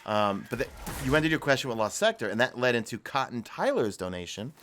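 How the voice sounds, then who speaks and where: A man's voice: medium pitch, sing-song, fairly quick, a bit bright, faint music behind. A man with a New York accent streaming a video game live, chatting casually and answering viewer questions while he plays. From New York City. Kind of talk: live gameplay commentary.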